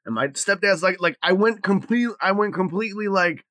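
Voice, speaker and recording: A middle-aged man with a high-pitched voice chats as a podcast co-host, blunt and full of swearing. The sound is dry and close, with no room echo. He moves between loud bursts and quiet, reflective stretches. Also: normal speed, hardly any pauses. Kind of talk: casual chat.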